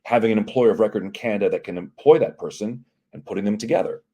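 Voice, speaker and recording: Low, mellow-voiced man telling a story. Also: fast talker. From United States. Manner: animated, acts out dialogue with quoted voices. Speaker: CEO of immigration and employment firm, guest. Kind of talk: casual interview storytelling.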